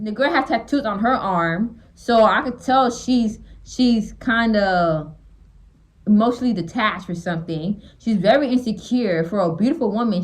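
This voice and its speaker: A woman records casual reaction commentary for her channel. She rants bluntly in a fairly high voice that swoops up and down. She keeps restarting and repeating her phrases as her irritation builds. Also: low-quality recording. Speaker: small YouTuber reacting to a reality show.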